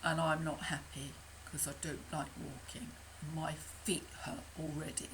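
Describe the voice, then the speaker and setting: A woman voicing a grumbling female duck with sore feet, in a low, complaining tone. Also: flat delivery, a little slow, creaky, background noise.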